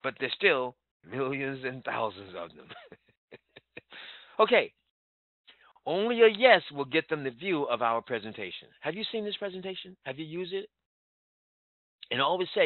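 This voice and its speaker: A male sales trainer gives an urgent, emphatic motivational business talk over a tinny, dry, phone-like line with no echo. His fairly high voice is sing-song, at normal speed with long pauses.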